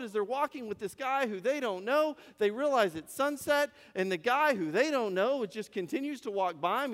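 Male preacher, high voice, narrative sermon with repeated phrases; long church reverb. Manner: storytelling, rhetorical questions, repeats phrases.

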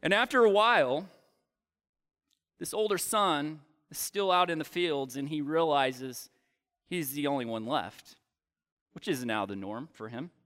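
A man preaching a sermon, retelling a Bible story with dramatic pauses and voiced lines for the characters. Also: fairly high pitch, animated, fairly bright tone.

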